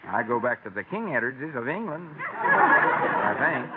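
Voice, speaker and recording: A man's voice: mid-range voice, sing-song, unhurried. An actor playing a country man who pretends to be an earl, pompous with folksy slips, in a 1940s radio comedy. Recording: old radio broadcast, lo-fi and noisy.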